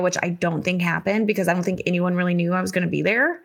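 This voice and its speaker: A woman's voice: fairly low pitch, fairly even intonation, fast, creaky, few pauses. A woman co-hosting a podcast, telling a personal story in an emotional, casual way, full of "like" and the odd swear word. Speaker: podcast co-host.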